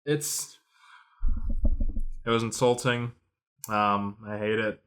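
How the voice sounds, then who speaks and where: A tipsy man co-hosting a podcast, giving a sarcastic, swear-filled film review and mocking the characters in quick put-on voices. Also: fairly low pitch, steady tone, a bit bright. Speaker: podcast co-host. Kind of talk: casual film review chat.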